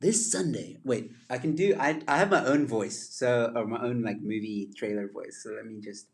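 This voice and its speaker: A man's voice: medium pitch, moderate pace. A man hosting a casual livestream chat, rambling from topic to topic and laughing often at his own jokes. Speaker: livestream host.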